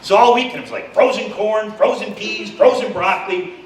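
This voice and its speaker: A fifty-something American man tears through a crude stand-up set in a high, pushed voice, ramping up into shouted rants. He sounds a little distant from the mic, in an echoey club room full of noise and laughter. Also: a little fast. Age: 50s. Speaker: stand-up comedian. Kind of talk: live stand-up routine. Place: comedy club stage with live audience. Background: audience laughter.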